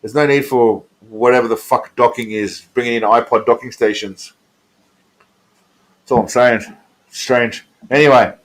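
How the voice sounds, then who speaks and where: A man's voice: medium pitch, steady tone, normal speed, low-quality recording. An Australian man chatting casually on his live stream, crude and profane as he reacts to viewer comments.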